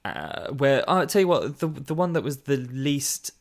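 A man's voice: medium pitch, expressive, measured pace. A man co-hosting a casual film review podcast, chatty and playful, laughing easily as he talks. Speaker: podcast co-host.

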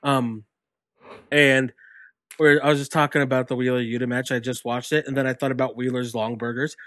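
A man's voice: medium pitch, level tone, a little fast, fairly bright tone, dry recording. A man co-hosting a wrestling podcast, joking casually and leaning on "like" as filler. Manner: joking, filler-heavy, says "like" a lot. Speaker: podcast co-host. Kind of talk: casual chat.

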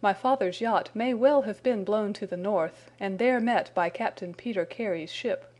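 A woman's voice: medium pitch, moderate pace, darkish tone, close to an everyday voice. A woman reading the part of an anxious young man confessing his story after his arrest, in an earnest, explanatory way.

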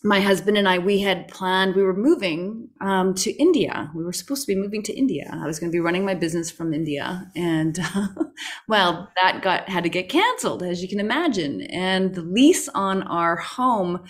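Animated woman telling her story, lowish voice. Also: normal speed. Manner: animated, with many restarts and excited rises. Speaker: co-host. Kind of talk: personal storytelling in a live talk.

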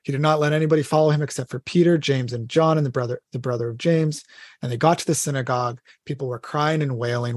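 A man's voice: medium pitch, steady tone, a little fast, no room sound, clean studio sound. A man talking in a casual faith discussion, earnestly retelling a scripture story with many fillers. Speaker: podcast co-host.

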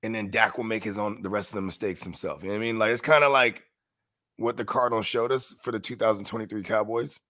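A man's voice: lowish voice, fairly even intonation, quick pace, sharp tone, dry recording, studio quality. A man co-hosting a podcast, chatting in a laid-back, slangy way. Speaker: podcast co-host. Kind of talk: casual chat.

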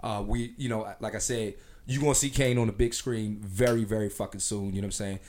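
A man hosting a casual podcast in a somewhat low voice. His talk is loose and rambling, full of fillers and restarts. He sounds relaxed and conversational. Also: brisk, slight background noise. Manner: loose, repeats fillers like "you know what I'm saying". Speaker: podcast host and writer.

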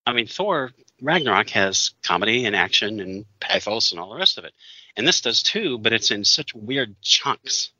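A man in a casual chat talks on at length, opinionated and quick to laugh. His voice is sharp and forceful, a touch low in pitch. The recording is dry and muffled, with a lo-fi dullness. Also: animated, no room sound. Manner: opinionated, rambling, laughs often. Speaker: podcast co-host. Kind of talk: casual chat reviewing a movie. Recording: dull dry lo-fi sound.

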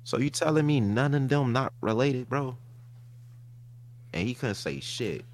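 Profane animated man telling a story. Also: mid-range voice, a little slow. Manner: animated, profane, retells a heated argument. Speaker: podcast host. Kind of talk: casual storytelling chat.

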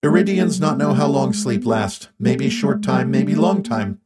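A man's voice: mid-range voice, lively intonation, a little slow, pitched above the performer's own voice, lightly acted. A man voicing a blunt, many-legged male alien engineer who speaks in clipped, broken grammar in an audiobook. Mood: matter-of-fact. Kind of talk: audiobook character voice.

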